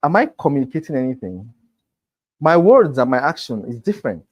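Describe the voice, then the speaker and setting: A man's voice: mid-range voice, very animated, brisk. A man teaching a sales class, emphatic and talking straight to his students. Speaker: real estate sales trainer. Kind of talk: motivational class lecture.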